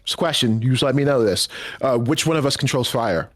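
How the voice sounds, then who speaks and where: A man's voice: medium pitch, fast talker, no room sound, clean studio sound, pitched below the performer's own voice, close to an everyday voice. A man voicing a cocky young male hero who teases and brags to his father. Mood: boastful. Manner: teasing, boastful, playfully whiny.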